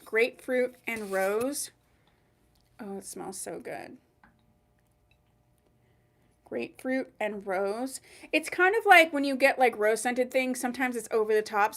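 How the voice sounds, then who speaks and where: A woman hosting a live online wig sale, describing products in a chatty, unhurried way. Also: on the high side. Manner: chatty, unhurried, drawn-out pauses. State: hiccuping. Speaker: online wig shop host.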